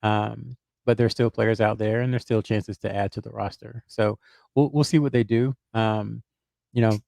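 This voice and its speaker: A man's voice: on the low side, fairly even intonation, moderate pace, vocal fry, dark tone, no echo. A man on a podcast, a basketball reporter who hedges and thinks aloud with lots of fillers and restarts. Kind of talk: casual podcast chat.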